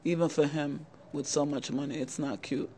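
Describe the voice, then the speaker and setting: A woman's voice: low-pitched, fairly even intonation, normal speed, dark tone, slight background noise. A middle-aged woman who hosts a channel, giving young men earnest, repetitive advice straight to the camera and often calling her listeners "guys". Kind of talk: motivational talk to camera.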